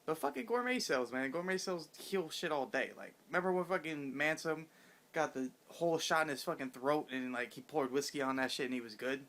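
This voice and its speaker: A man's voice: fairly high pitch, brisk. Brief: male reviewer, hyped and rambling, swears a lot, heavy slang. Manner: excited, profane, rambling with slang. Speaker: manga chapter reviewer. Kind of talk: casual chapter review.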